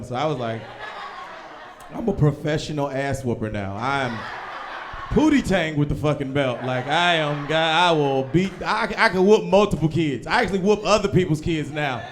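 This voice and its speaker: A young man performing stand-up in a small club, his voice sitting a touch high for a man. He talks loud and profane and keeps breaking into shouted impressions. Faint crowd murmur hangs behind him. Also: moderate pace, slight background noise. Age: young adult. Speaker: stand-up comedian. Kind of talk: stand-up comedy set. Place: small live comedy venue with audience.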